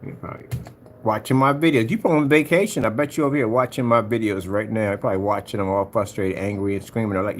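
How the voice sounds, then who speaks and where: A man ranting in a taunting, mocking way to his viewers, jumping between loud jabs and low mutters. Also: fairly even intonation, fast, slight background noise. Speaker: vlogger. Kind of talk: ranting monologue to camera.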